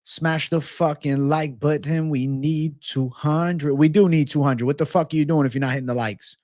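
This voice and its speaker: Male livestream host, fairly high voice, brash and profane, dry close mic. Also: steady tone, normal speed, hardly any pauses, a little mellow, no room sound. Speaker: MMA betting livestream host. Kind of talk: livestream fight predictions.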